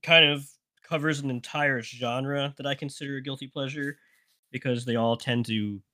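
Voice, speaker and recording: A man's voice: medium pitch, fairly bright tone, no echo. A man co-hosting a podcast in casual chat, blunt and rambling with plenty of swearing. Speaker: podcast co-host.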